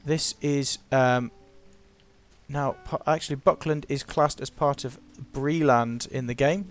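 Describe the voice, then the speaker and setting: A man's voice: mid-range voice, steady tone, measured pace, soft background music. A man giving casual, playful, self-mocking commentary while narrating his gameplay.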